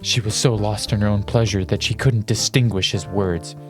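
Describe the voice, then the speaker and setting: A man's voice: on the low side, fairly even intonation, moderate pace, over music. A man reading fanfiction aloud in a dramatic style, breaking off for amused, flustered asides. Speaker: reader.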